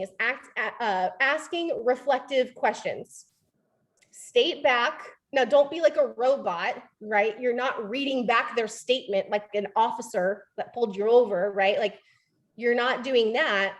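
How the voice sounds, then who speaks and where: High-voiced woman coaching a sales team. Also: expressive, measured pace. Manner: chatty, acts out example customer lines; frequent "like" and "right?" fillers. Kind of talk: live training talk.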